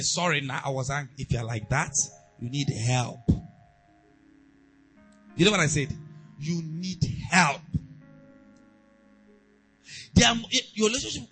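A man delivers a sermon in a high, bright voice with a slightly husky edge. He swings from hushed asides to loud exhortation, with his pitch leaping all over. Faint music plays behind him. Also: rough recording. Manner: emphatic preaching, swinging between quiet asides and loud exhortation. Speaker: pastor.

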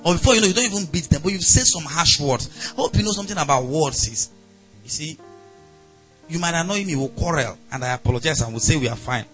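Nigerian male pastor, slightly high voice, animated sermon delivery, soft music underneath. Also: fast talker. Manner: animated preaching, acts out angry voices, laughs.

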